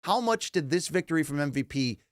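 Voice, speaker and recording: Lively man posing questions. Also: on the high side, a little fast, no echo, clean studio sound. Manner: asks long questions, lively delivery. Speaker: podcast co-host. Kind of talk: casual sports debate.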